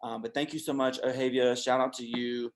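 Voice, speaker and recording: A man moderating an online panel, relaxed and full of fillers, thanking the guest. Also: medium pitch, fairly quick, a little hiss or hum. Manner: relaxed, filler-heavy, appreciative. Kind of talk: casual online panel hosting. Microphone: video call.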